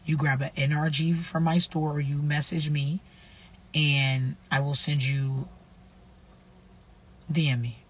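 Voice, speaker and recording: A woman's voice: low-pitched, level tone, slow, long pauses, husky. A woman, casually sharing faith advice and reading a devotional aloud, repeating herself and using slang. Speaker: vlogger running a nonprofit.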